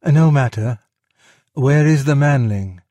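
Man voicing sly old python, storybook, slow, low and hushed, dry sound. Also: no room sound.

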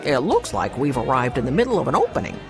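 A woman voicing a friendly adult man who guides the children, eager and lightly excited, in an audiobook. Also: very deep voice, fast talker, over music, voice pushed down, exaggerated voice.

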